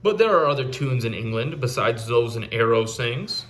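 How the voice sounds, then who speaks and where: A man's voice: mid-range voice, expressive, normal speed, a bit bright, natural voice. A man reading aloud the lines of a bold, swaggering outlaw in a raised, playful voice. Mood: taunting. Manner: playful, boastful, read aloud from a book. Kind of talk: reading a novel aloud to students.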